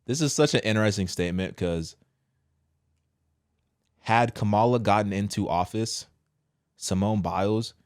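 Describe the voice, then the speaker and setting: A man with a lowish voice delivers an opinion commentary straight to the listener, slangy and blunt. He jumps from loud, high-pitched outbursts down to quiet muttered asides. The sound is close and dry, with no room around it. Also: unhurried, long pauses, no room sound. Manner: animated, swings between loud outbursts and low quiet asides; casual slangy address, says bro. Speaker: commentary host.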